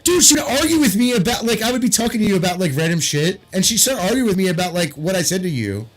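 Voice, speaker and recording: Man in his thirties, very high husky voice, lively laughing storyteller, faint music under. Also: fast, low-quality recording. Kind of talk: casual chat with a friend.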